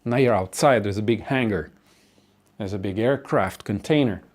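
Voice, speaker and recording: A man's voice: lowish voice, moderate pace, a little mellow. A man delivering a profane, sardonic comedic rant about philosophy and human existence. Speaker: monologuist.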